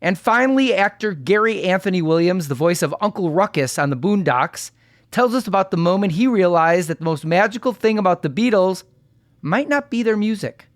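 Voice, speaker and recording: A man hosting a podcast, narrating in an earnest, measured, scripted way. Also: high-pitched, animated. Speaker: podcast host.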